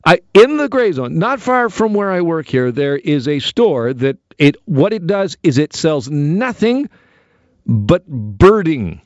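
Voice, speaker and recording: A middle-aged radio host delivers a joking, theatrical monologue. His pitch swings widely from low to high. The sound is dry and slightly dull, with no room around it. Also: slow pace, no echo. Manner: animated, jokey, theatrical. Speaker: radio talk show host.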